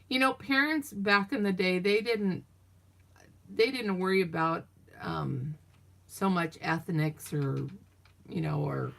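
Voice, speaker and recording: Chatty middle-aged woman with vocal fry. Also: on the low side. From Southern United States. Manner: chatty, rambling storyteller, talks to viewers while working. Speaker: craft vlogger. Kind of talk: casual chat while crafting.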